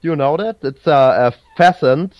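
A man's voice: on the high side, normal speed, no echo, muffled recording. A man hosting a casual podcast quiz. He halts, restarts and searches for his words. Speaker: podcast host running a trivia quiz. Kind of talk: casual chat.

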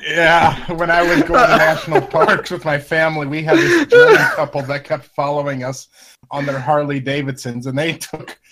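A man with a slightly raised voice telling anecdotes and chuckling through them. His pitch rises and falls a lot as he talks. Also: fairly bright tone. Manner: laughing anecdotes. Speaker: IT support worker. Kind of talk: casual chat.

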